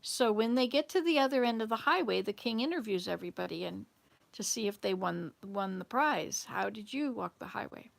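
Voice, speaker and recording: A woman's voice: medium pitch, a little fast, gravelly. A woman from the Southern United States hosting, telling a story in a casual, rambling, digressive way. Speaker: host.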